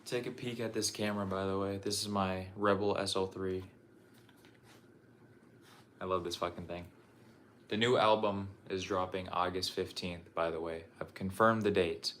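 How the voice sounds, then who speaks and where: A man's voice: low-pitched, steady tone, normal speed, fairly bright tone, a little hiss or hum. A young man chatting casually on a livestream as he shows off his collection, loose and profane, restarting his sentences often. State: out of breath. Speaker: streamer showing his game collection.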